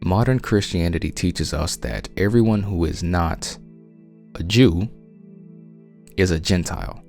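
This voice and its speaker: A man's voice: low voice, a little slow, gravelly, a little mellow, faint music behind. A man with a Southern US accent giving an emphatic, conversational Bible teaching as a podcast host. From United States. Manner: emphatic, insistent, frequent restarts.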